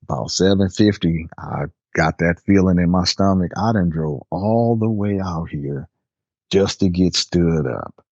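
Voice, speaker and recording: A man with a New Orleans accent casually telling a personal story, lively as he acts out what his friends said. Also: unhurried, no room sound, highs cut off. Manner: animated, acts out quoted friends with raised pitch. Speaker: storyteller sharing a personal experience.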